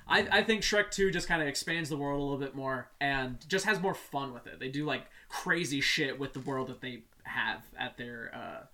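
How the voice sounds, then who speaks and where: A man's voice: mid-range voice, normal speed, hardly any pauses, sharp tone. A young man co-hosting a casual chat, enthusiastic and swearing freely. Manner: enthusiastic, profane. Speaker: podcast co-host.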